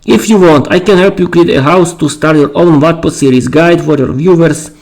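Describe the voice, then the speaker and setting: Hoarse man hosting a live stream. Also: a little high, darkish tone, poor audio. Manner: halting, repeats words and restarts. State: losing his voice, clearing his throat. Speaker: podcast host. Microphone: streaming mic.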